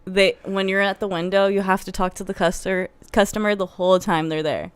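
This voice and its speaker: A woman's voice: mid-range voice, fairly even intonation, fairly quick, clear, resonant tone, dry recording. Chatty laughing young woman. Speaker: podcast co-host. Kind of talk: casual chat.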